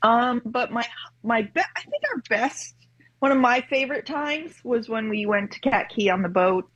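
A woman in her fifties, the host's wife, chatting casually in a lively, teasing way. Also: a little high, normal speed, slightly rough, dry recording, dull audio. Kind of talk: casual chat.

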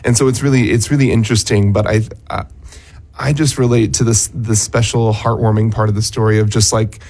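A man's voice: fairly low pitch, flat delivery, a little fast, darkish tone. A male stage actor in his thirties, telling a story on the radio in an emotional, heartfelt way. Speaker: musical theater actor. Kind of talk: casual radio interview.

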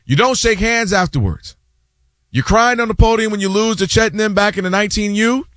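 A man holds forth on a sports show, his voice sitting a little high. He talks in a loose, conversational way and slips into quick impressions of fans. The sound is dry and close. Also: no echo. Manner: animated, acts out fans' and players' voices. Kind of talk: casual sports debate.

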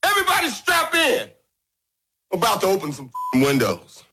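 A man's voice: high voice, wildly swooping pitch, moderate pace, slight background noise, exaggerated voice. An actor playing a furious, fed-up man on a plane, swearing and barking orders, in a film clip. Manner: shouting, profane.

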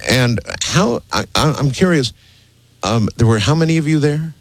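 A man's voice: a little high, expressive, moderate pace. A man hosting an interview, asking skeptical, probing questions. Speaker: host. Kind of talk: radio interview.

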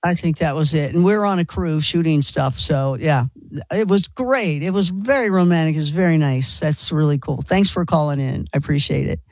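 A man's voice: fairly high pitch, moderate pace, a little mellow, no echo. A man with a slight Kentucky accent hosting a call-in radio show, chatty and enthusiastic, often repeating himself. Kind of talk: casual call-in radio chat.

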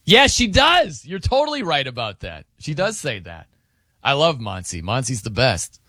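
Animated male radio host. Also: medium pitch, moderate pace, no echo, studio quality. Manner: animated, laughs often, mimics people's pronunciations. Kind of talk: casual radio chat.

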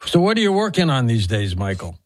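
A man's voice: medium pitch, huge pitch swings, brisk. A man hosting a talk show, asking questions with a wry, joking touch. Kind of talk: interview questions.

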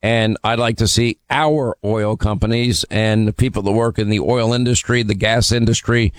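A man's voice: lowish voice, fairly even intonation, normal speed, clean tone, no echo. A man hosting a call-in radio talk show. He speaks emphatically with strong opinions and many "uh" fillers. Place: radio studio.

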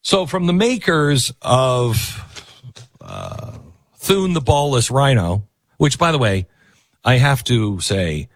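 A man's voice: medium pitch, wildly swooping pitch, takes it slowly, dry recording. A man hosting a talk radio show, speaking in a sarcastic, mocking way from a close studio mic.

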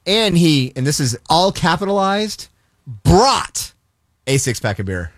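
A man hosting a radio talk show, his pitch swinging a lot as he jokes in a wry way. The sound is dry and close. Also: very animated, a little slow, no echo. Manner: wry, joking, acts out quotes. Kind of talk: casual radio banter.

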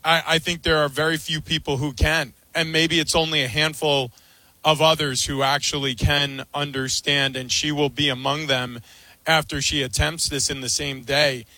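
Earnest sports panel dude, slightly high, bright tone. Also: male voice, little pitch movement, normal speed, no room sound, low-quality recording. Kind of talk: casual sports talk.

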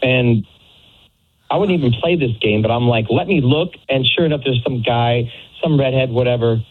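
Husky-voiced man on a tinny phone line, hesitant, lots of fillers. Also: medium pitch, normal speed. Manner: hesitant, many fillers, then storytelling. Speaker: phone call guest. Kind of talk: telling a story over the phone.

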